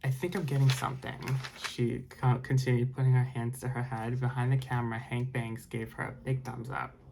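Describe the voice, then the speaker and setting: A man's voice: mid-range voice, completely flat delivery, moderate pace, creaky, darkish tone, slight background noise, low-quality recording. A man reading a storybook aloud for ASMR bedtime listening, with chatty, rambling asides. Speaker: storybook reader.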